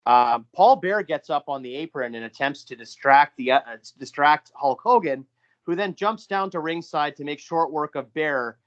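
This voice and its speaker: A man co-hosting a podcast, recounting a booked match in a halting way with frequent restarts. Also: fairly high pitch, lo-fi sound. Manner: halting, many restarts and fillers. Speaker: podcast co-host. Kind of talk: casual podcast chat, narrating fantasy wrestling booking.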